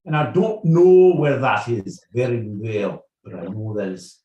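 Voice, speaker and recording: A man's voice: mid-range voice, measured pace, dark tone, reverberant, far from the mic, highs cut off, slight background noise, close to an everyday voice. A man putting on an Irish accent as a rambling, folksy storyteller. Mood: blustery.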